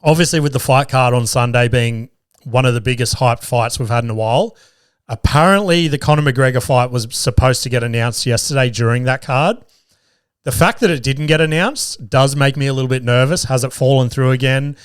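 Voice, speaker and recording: A man hosting a podcast, retelling stories in a fast, profane, excitable way. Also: mid-range voice, clear, resonant tone, no room sound, clean studio sound. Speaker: podcast host. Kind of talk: casual chat.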